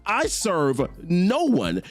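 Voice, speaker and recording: A man playing a cold, ruthless warrior king with slow, solemn lines. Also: high-pitched, wildly swooping pitch, faint music behind, heavily acted.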